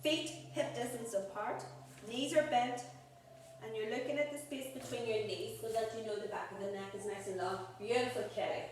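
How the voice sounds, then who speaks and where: A woman's voice: a little high, fairly even intonation, normal speed. Woman yoga teacher in an echoey room. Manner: encouraging, cueing breaths and poses. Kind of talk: guiding a live group class. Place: group exercise studio. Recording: echoey room, voice far from mic, background noise.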